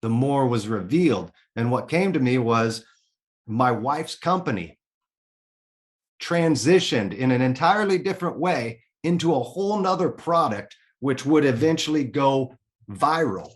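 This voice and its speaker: A man's voice: medium pitch, expressive, a little slow. A man as a podcast guest, telling a personal story in a candid, earnest way and swearing casually.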